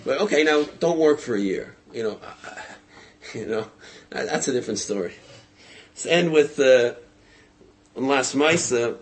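A man telling a parable to a group in an animated storytelling talk, repeating words for effect. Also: medium pitch, a little slow, pauses often.

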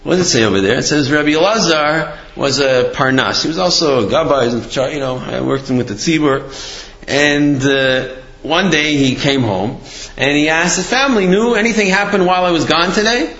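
A man teaching a Torah class in a conversational, storytelling way, with many pauses and fillers. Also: mid-range voice, lively intonation, a bit bright. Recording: roomy, dull-sounding recording.

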